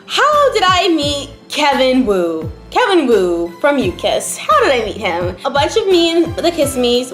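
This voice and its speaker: Young female vlogger, slightly high voice, chatty and emotional, roomy echo with faint music behind. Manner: chatty, emotional, many fillers, near tears. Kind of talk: casual storytelling to camera. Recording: echoey room, faint background music.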